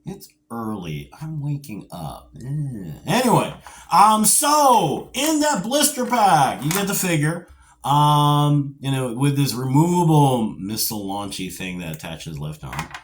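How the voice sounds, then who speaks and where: Reviewing a vintage action figure on video, this middle-aged man takes his time, wandering through playful tangents with geeky nostalgic enthusiasm. The mid-range voice carries a little hiss or hum in the recording.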